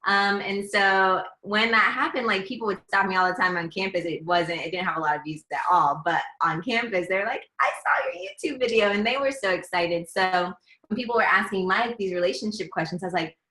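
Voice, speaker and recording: A woman being interviewed as a guest, telling a story in a chatty, relaxed way. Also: medium pitch, a little fast. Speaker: relationship content creator, guest. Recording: roomy echo.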